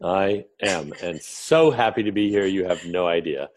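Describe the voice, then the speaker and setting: A man as an interview guest, talking in a relaxed, chatty way with self-deprecating jokes. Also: low voice, normal speed. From Northern New Jersey, USA. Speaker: guest, clinical consultant.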